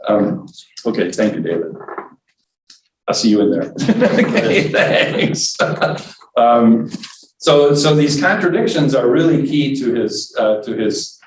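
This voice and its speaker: A man's voice: medium pitch, sing-song, takes it slowly, distant mic. Man lecturing in a roomy church hall. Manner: conversational, asks "right?" often, mimics inner voices for effect. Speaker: adult forum teacher. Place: church meeting room. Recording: roomy church space, voice from off mic.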